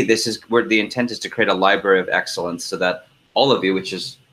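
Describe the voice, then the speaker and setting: Bright-voiced man telling a story on a call. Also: low voice. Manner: animated, laughing storyteller. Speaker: team leader on a conference call. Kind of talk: casual storytelling then call agenda.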